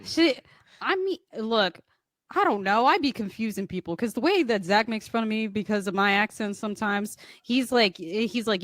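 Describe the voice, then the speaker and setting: A woman's voice: mid-range voice, animated, moderate pace, fairly bright tone, no echo, clean studio sound. A young woman from Florida with a Southern accent, telling stories and laughing in casual podcast chat. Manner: laughing, storytelling, slangy. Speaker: podcast co-host.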